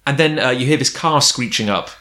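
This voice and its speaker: A man co-hosting a casual chat, animated, laughing often and acting out lines. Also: mid-range voice, fairly quick. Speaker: podcast co-host. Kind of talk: casual chat recapping an anime.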